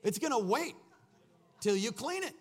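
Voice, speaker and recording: A pastor delivers a sermon in a very high, husky, expressive voice at a moderate pace. He wanders through a story packed with fillers and false starts, then turns to rousing exhortation of his congregation.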